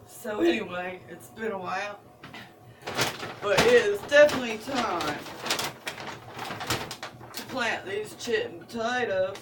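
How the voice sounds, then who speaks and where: A woman's voice: medium pitch, measured pace, long pauses. A woman with a Midwestern accent rambles through a folksy story on her home vlog. She drifts off topic, laughs often and drawls her words. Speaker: vlogger. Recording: distant mic, faint background noise.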